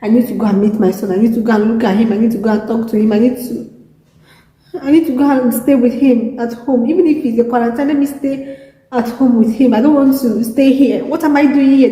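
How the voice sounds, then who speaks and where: A woman's voice: on the high side, dark tone, echoey room, long reverb tail, poor audio. A young Nigerian woman with a Nigerian accent recording a video diary from a hospital room, tearful and exhausted, repeating herself in a weary, pleading way. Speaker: vlogger.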